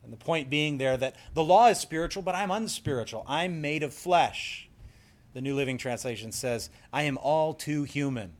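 A male pastor preaching with earnest emphasis, leaning into key words and slowing for effect. His voice sits a little higher than most men's. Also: animated. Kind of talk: sermon.

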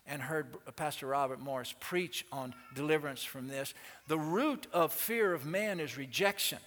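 A man preaching a sermon as pastor, telling the story in an animated way and asking the congregation questions. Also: on the high side, in a large hall. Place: church sanctuary.

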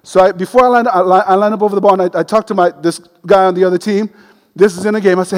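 A man preaching a sermon, telling a story with animated, humorous delivery. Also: high voice, rapid-fire. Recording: long reverb of a large hall.

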